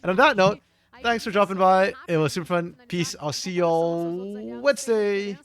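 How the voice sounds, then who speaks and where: Hoarse excitable esports co-streamer man. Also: high voice, normal speed. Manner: excitable, joking, rambling. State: hoarse from yelling. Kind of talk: casual live-stream commentary.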